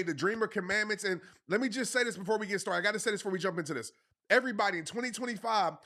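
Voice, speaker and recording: A man with a high, pushed and bright voice hosts a livestreamed motivational talk. He speaks passionately and pushily, repeating phrases for emphasis, using casual slang and calling the audience "y'all."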